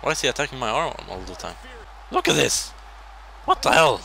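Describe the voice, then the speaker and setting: A man casually commentating his own wrestling video game, excitable, jumping between loud shouts and quiet muttering. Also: mid-range voice, fairly quick, gravelly, slight background noise.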